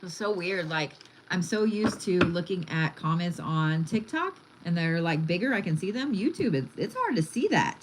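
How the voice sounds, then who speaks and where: A woman's voice: on the low side, animated, moderate pace, hardly any pauses, noisy background. A woman giving a casual card reading, chatty and blunt, swearing freely as she talks. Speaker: tarot reader.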